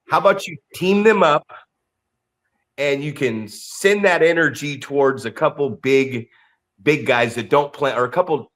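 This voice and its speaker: A man co-hosting a podcast in a casual, joking, profane way. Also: fairly high pitch. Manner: animated, profane, jokey. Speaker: podcast co-host.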